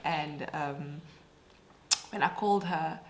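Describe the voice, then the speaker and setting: Slow-talking emotional young mom vlogger. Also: female voice, low voice. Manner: emotional, chatty, rambling with fillers. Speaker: vlogger, mother. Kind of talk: casual home vlog. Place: home, indoors.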